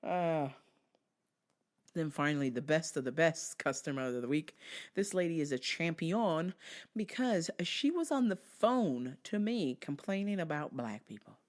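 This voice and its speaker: Animated, profane woman telling stories. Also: low-pitched, unhurried. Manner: animated, profane, laughs often. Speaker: podcast host. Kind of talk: comedic storytelling.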